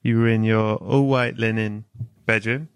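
A man hosting a podcast in a relaxed, chatty way, his voice carrying a gravelly edge. He tells a long, playful tale with a light comic touch. The sound is dry and close. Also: on the low side, measured pace, no echo. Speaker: podcast host. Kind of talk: casual chat with comic storytelling.

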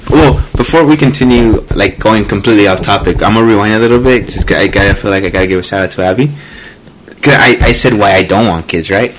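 A man guesting on a podcast in casual chat, halting and full of "like" and swearing. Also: fairly low pitch, slight background noise, low-quality recording.

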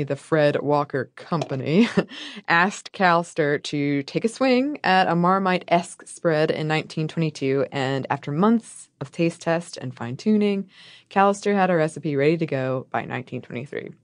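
Wry, low-pitched woman podcast host. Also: normal speed, dry recording. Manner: wry, playful, laughs often. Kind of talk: scripted history storytelling with banter.

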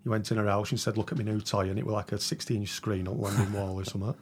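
A man's voice: fairly low pitch, fairly even intonation, rapid-fire, slight background noise. A man guesting on a podcast, chatting casually and prompting the host's stories. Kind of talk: casual chat.

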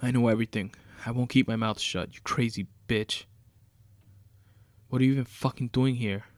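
A man doing a bound man yelling in panic. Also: mid-range voice, steady tone, normal speed, no room sound, close to an everyday voice. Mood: furious. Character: terrified, furious bound man, shouting.

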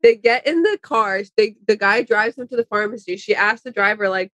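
A young woman co-hosting a casual chat, telling stories fast and casually with swearing. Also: medium pitch, a bit bright, no room sound. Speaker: podcast co-host.

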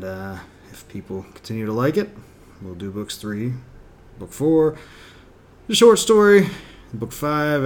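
A man's voice: fairly low pitch, a little hiss or hum. A man, an author and host, chatting casually before an audiobook chapter, with many fillers. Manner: relaxed, filler-heavy. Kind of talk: casual spoken intro.

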